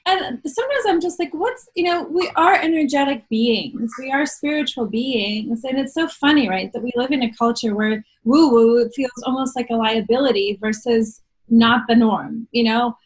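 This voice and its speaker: A woman's voice: on the high side, moderate pace, low-quality recording. A woman host asking rambling, chatty questions in an interview. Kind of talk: conversational interview.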